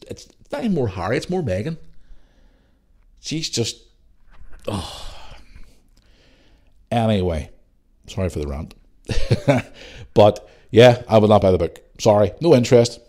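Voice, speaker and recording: A man's voice: on the low side, mellow. Exasperated man ranting. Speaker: podcast host. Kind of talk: solo podcast rant.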